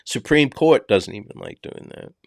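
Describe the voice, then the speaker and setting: A man's voice: medium pitch, lively intonation, normal speed, creaky, no room sound, studio quality. A man with a Boston accent, hosting a casual true-crime discussion and talking emphatically. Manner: conversational, emphatic, drops filler words. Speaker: podcast host.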